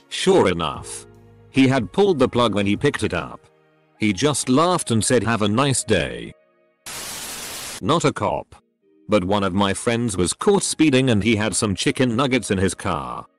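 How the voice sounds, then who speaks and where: Lively low-voiced male story narrator. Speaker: narrator reading online stories. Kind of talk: scripted narration.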